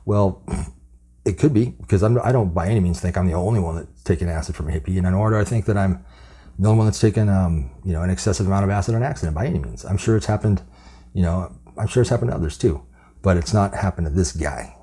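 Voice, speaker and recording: A man rants in a very low, husky voice, swearing and scoffing as he picks apart a story. His tone is dark and mellow even while he is angry, and he rambles and repeats himself. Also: fast talker. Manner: profane, scornful, rambling. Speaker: commentary vlogger. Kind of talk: angry commentary rant.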